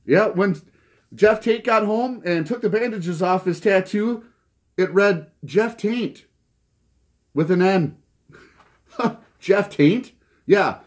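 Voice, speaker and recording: A man's voice: slow, long pauses. A man hosting a vinyl record channel, telling mock news jokes and chatting about his finds, laughing at his own gags. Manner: goofy, laughs at his own jokes, lively pitch swings. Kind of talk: casual joking news segment and haul chat.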